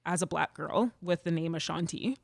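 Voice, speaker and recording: Young female guest, animated storyteller, low-set voice, dry booth sound. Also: normal speed, dry recording. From Edmonton, Canada. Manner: animated storyteller, laughs often, lots of "like". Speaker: guest musician. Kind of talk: casual interview chat.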